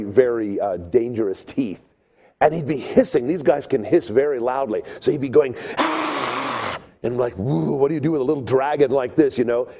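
A middle-aged man telling a childhood story to an audience, lively and acting out voices and sounds. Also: medium pitch. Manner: animated, acts out voices and sounds.

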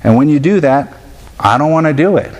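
A man's voice: a little high, expressive, brisk, a little mellow, highs cut off. A man in his thirties preaching a sermon, earnest and direct, now and then acting out his children's voices to make a point. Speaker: pastor.

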